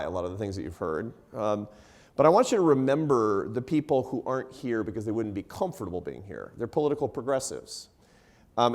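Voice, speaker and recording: Middle-aged guy from the us telling a story on stage, voice swings up and down a lot, cracks himself up. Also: mid-range voice. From United States. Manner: animated, laughing often, self-deprecating asides. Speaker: panelist. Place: event hall before a live audience.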